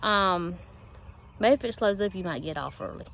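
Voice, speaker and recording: A middle-aged woman from North Carolina with a Southern accent, co-hosting a casual vlog in a chatty, relaxed way, speaking straight to viewers from a garden and a car. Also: on the low side, normal speed. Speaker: vlog co-host. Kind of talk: casual chat. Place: garden outdoors, then car. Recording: clear outdoor and car noise.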